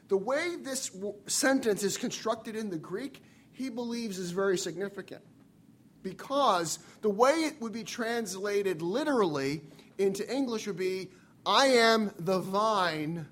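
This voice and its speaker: Slow husky preacher giving a sermon, earnest, keeps repeating the big lines. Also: mid-range voice, expressive. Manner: earnest, repeats key phrases for emphasis.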